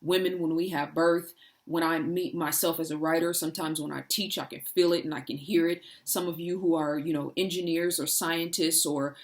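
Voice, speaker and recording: A woman's voice: low-pitched, fairly even intonation, normal speed. Earnest woman preaching inspirational reflection. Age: adult parent. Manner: earnest, repetitive rhetorical questions. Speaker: spiritual speaker. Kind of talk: inspirational monologue.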